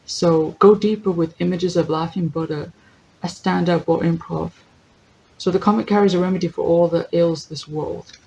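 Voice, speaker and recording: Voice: mid-range voice, fairly even intonation, normal speed, vocal fry, a little mellow, low-quality recording. A tarot reader giving a casual general reading, thinking aloud, correcting themselves, laughing easily and reading lists from a guidebook. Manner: chatty, thinks aloud, often corrects itself.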